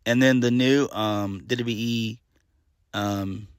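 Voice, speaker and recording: A man's voice: medium pitch, fairly even intonation, slow pace, clear, resonant tone, no room sound, studio quality. A man giving a casual solo review of a wrestling show, blunt and exasperated, swearing freely and trailing off into fillers.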